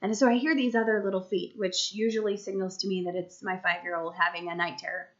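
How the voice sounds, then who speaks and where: A woman's voice: mid-range voice, steady tone, fast talker, fairly bright tone, highs cut off. A woman in her thirties, a mom, telling a story to camera in a chatty, rambling way full of asides, recorded at home. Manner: chatty and rambling, lots of fillers and asides to the listener. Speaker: mom vlogger.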